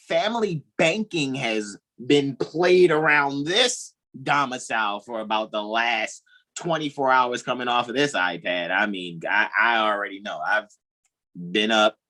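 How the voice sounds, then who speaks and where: A man giving a casual astrology talk as co-host over a video call, animated and thinking aloud. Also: fairly low pitch.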